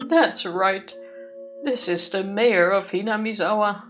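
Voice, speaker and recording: A woman chatting casually during a let's play, with a teasing, wry back-and-forth manner. Her voice sits at an ordinary pitch for a woman. Faint music plays behind her. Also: a little slow, fairly bright tone. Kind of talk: casual chat.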